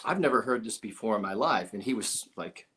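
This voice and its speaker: Middle-aged man telling a lively story. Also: fairly low pitch, fairly quick. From Dayton, Ohio. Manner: animated storyteller who acts out quoted voices, with frequent chuckles. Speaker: interview guest, musician. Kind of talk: storytelling in a conversational interview.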